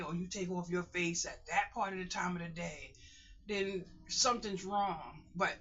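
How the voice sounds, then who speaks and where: A woman's voice: on the low side, bright, forceful tone, dull audio. A middle-aged woman in pain, giving emphatic, repetitive life advice to her viewers in a casual vlog monologue. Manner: emphatic, repeats phrases, calls viewers "boys and girls" and "honey". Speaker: vlogger.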